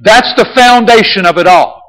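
A man's voice: high-pitched, normal speed, fairly bright tone, big-room sound, poor audio. A man preaching a sermon, emphatic and repetitive, asking rhetorical questions.

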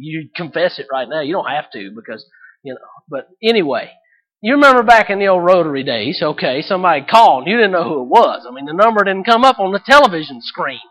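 A high-voiced male pastor delivering a sermon, rising to loud emphatic climaxes and dropping into hushed, low asides. He mixes folksy stories and jokes into his preaching. The recording sounds somewhat dull and lo-fi. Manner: dynamic, swings from loud emphatic peaks to quiet low asides; folksy storytelling with humor.

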